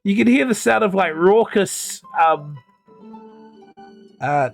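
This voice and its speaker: Guy running a tabletop game, lots of ums, raspy high voice. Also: animated, takes it slowly, soft background music. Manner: hesitant, many ums and restarts. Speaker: game master.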